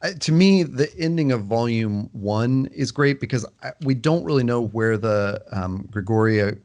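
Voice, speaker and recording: A man co-hosting a podcast, talking casually and thoughtfully, often pausing and restarting his sentences. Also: mid-range voice, animated, a little mellow. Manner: thoughtful, hesitant, many fillers and restarts. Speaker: podcast co-host. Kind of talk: casual book club discussion.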